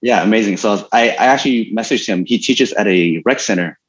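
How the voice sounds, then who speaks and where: A man being interviewed about his martial arts life, telling stories in a relaxed, rambling way with many fillers. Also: on the low side, fairly quick, lo-fi sound. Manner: relaxed storytelling with many fillers and frequent laughs. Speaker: guest, stuntman and martial artist. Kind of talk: casual interview conversation.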